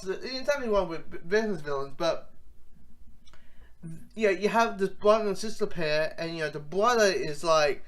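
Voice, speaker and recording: A casual movie reviewer talks with real enthusiasm, starting a thought, dropping it, and starting again. Fillers and restarts run all through the delivery, which has a middle pitch. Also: fairly bright tone. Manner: rambling, with many fillers and restarts.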